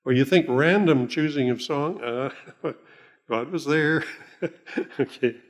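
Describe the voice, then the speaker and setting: An older man preaching a sermon as pastor, folksy and rambling, often chuckling and slowing down to read scripture aloud. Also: on the high side. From Oklahoma.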